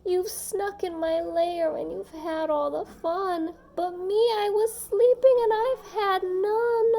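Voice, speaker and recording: A woman's voice: very high-pitched, steady tone, takes it slowly, dark tone, pitched above the performer's own voice, heavily acted. A woman voicing a big male bear who feels left out, speaking in a whiny, tearful tone.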